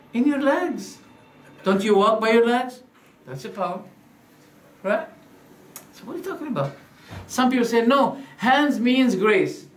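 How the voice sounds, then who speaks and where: A man giving a religious lecture, animated, firing rhetorical questions and acting out quoted dialogues. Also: high-pitched. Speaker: Islamic preacher.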